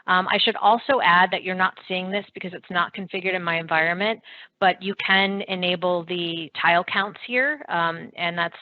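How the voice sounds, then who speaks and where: A woman presenting a software product demo, explaining features step by step in a steady way with some fillers. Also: on the low side, moderate pace, dull audio.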